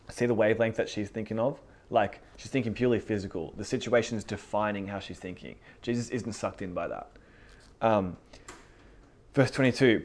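Man, Bible study teacher, reads scripture aloud, animated, laughs often, casual. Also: lowish voice, moderate pace.

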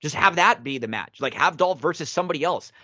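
A man's voice: a little high, animated, fast, bright, forceful tone, no echo, clean studio sound. A man co-hosting a wrestling review podcast, giving opinionated casual commentary with frequent restarts.

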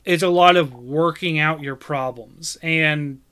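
Rambling man with a bright voice. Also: on the high side, unhurried, smooth. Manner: rambling, lots of fillers and restarts. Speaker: podcast host. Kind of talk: casual chat.

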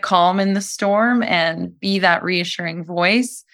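A woman's voice: fairly low pitch, slow pace. A woman hosting a podcast interview, affirming her guest and asking follow-up questions. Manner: affirming, soft backchannels. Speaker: podcast host.

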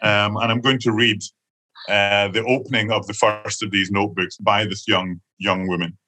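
Chatty Scottish man, bright voice. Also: on the low side, flat delivery, moderate pace. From Scotland. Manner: hesitant, frequent restarts, chatty. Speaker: author guest. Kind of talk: conversational book talk.

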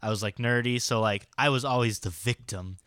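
A man's voice: medium pitch, fairly quick, a bit bright, smooth, no echo, clean studio sound. A young man co-hosting a podcast, wry and self-mocking, swearing casually. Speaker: podcast co-host.

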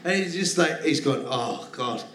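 A man's voice: on the high side, animated, unhurried, very noisy. A male comedian guest telling rambling, giggly anecdotes in a live podcast interview. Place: theatre stage with live audience. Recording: roomy theatre, audience laughter.

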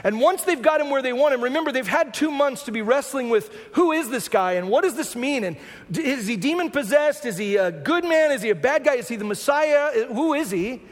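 High-voiced man preaching in a reverberant hall. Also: lively intonation, a little fast. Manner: conversational teaching, frequent "right?" asides. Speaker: pastor. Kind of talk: sermon. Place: church sanctuary.

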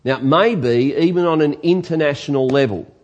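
A man's voice: on the high side, fairly quick, darkish tone, highs cut off. A man with an Australian accent, preaching a sermon earnestly and emphatically, asking his congregation rhetorical questions. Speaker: pastor.

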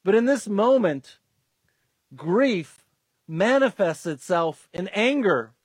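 A man preaching a sermon as a pastor, speaking earnestly with some halting fillers and restarts. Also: high voice, animated, breathy edge, no echo. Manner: earnest, acts out quoted voices, restarts with fillers.

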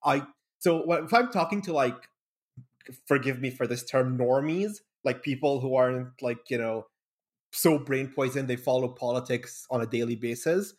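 A man's voice: medium pitch, moderate pace. A young man from Bahrain, a podcast guest, talking casually and rambling with lots of fillers and restarts. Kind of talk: casual conversation.

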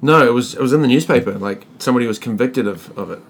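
A man's voice: mid-range voice, fast, a little hiss or hum. A man with a New Zealand accent, a guest on a casual podcast chat, telling easygoing stories with dry asides.

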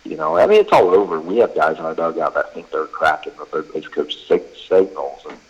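A man's voice: rumbling low, brisk, breathy edge, muffled recording. A man who coaches college baseball, chatting casually on a podcast and telling rambling stories full of fillers and quoted back-and-forth. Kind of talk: casual podcast chat, storytelling.

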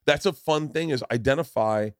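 A man's voice: moderate pace, no room sound. Man hosting a podcast, forties, profane storyteller, dry close mic. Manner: profane, animated, acts out quotes in high voices. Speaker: podcast host, comedian. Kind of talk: casual chat, storytelling.

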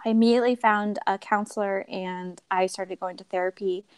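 A woman's voice: medium pitch, fairly quick, clean tone, dry recording. A young adult woman sharing a personal story as a podcast guest, acting out quoted dialogue and laughing often. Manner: expressive, acts out quoted dialogue.

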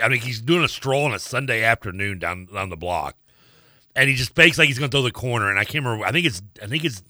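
A man's voice: on the low side, sharp tone, no room sound, clean studio sound. A man co-hosting a sports radio show, telling a story casually and trailing off mid-thought. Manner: laughing, storytelling, trailing off and restarting. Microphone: studio microphone.

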